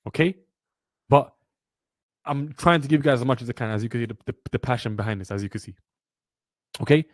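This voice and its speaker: In this dry recording, a young man with a mid-range voice talks fast while teaching a trading webinar as a mentor. His motivational lecture is blunt, preachy and passionate, with lines repeated to drive points home.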